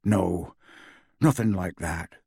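A nervous young man hiding behind a big official's deep voice, terse and hesitant, played by a male narrator. The reader drops his pitch and keeps the lines short. The recording is close and dry. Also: slow pace, creaky, mellow, husky, dry recording, full character voice. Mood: guarded.

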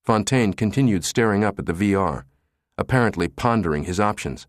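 Man reading an audiobook, low voice, lots of ups and downs, dry studio sound. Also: lively intonation, brisk, dry recording. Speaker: audiobook narrator. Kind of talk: scripted narration.

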